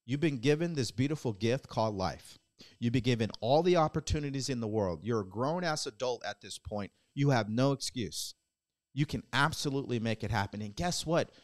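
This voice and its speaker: Brisk and expressive, this medium-pitched man hosts a podcast built around a blunt, preachy motivational monologue. He swears casually and presses listeners with rhetorical questions again and again.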